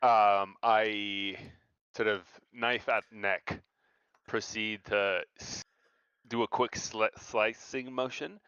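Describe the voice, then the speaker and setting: Man, player, hedging questions, lowish voice, dry slightly dull recording. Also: fairly even intonation, takes it slowly, pushed and bright, smooth, no echo. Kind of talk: tabletop game play.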